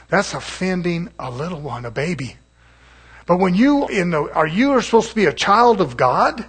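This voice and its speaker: A man's voice: sits high, big pitch swings, fairly quick, a bit bright, husky. A man preaching a sermon in an emphatic, confrontational way, chuckling between points.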